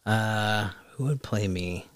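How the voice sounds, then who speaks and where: A man with a slightly low voice, chatting casually as a podcast co-host. He throws out quick guesses in an easygoing way. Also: smooth. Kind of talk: casual chat.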